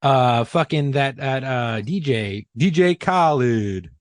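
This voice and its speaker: A man's voice: mid-range voice, takes it slowly, no echo, clean studio sound. A man co-hosting a casual podcast, rowdy and profane. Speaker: podcast co-host.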